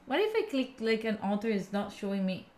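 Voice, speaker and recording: Between study sessions on her livestream, this young host from Italy reads comments and banters playfully with viewers, giggling often. She speaks fairly quickly with an Italian accent, in a very animated, mid-range voice with a darkish tone.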